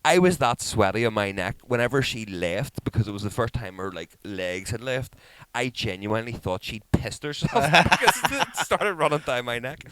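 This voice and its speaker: Speaking at a moderate pace with hardly any pauses, this thirtysomething podcast co-host has a clean tone despite the rough recording. He tells a lively story casually, cursing often and imitating what people said in high-pitched voices.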